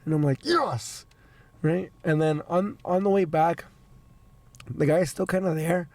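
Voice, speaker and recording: A man's voice: a little high, steady tone, moderate pace, dark tone, no room sound. A man hosting a podcast, telling a rambling story with lots of stammers and swearing, his voice worn from being sick. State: voice worn out from illness. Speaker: podcast host. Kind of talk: casual chat, storytelling.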